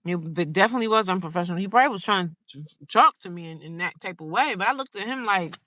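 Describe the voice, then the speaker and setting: On a livestream about her daily life, a woman tells her stories bluntly and animatedly, repeating herself for emphasis. She talks fast in a mid-range voice, sounding far from the mic in a dry, low-quality recording.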